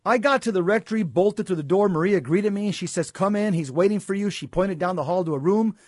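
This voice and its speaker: Earnest man with a high voice. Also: fast, slightly rough, no room sound, clean studio sound. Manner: earnest storytelling with repeats and stumbles. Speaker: guest. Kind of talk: personal testimony in conversation.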